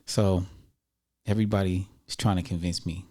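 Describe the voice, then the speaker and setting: A man with a very low, mellow voice tells a personal story for his vlog in a laid-back, unhurried storytime style. His retelling is relaxed, conversational, and full of slang.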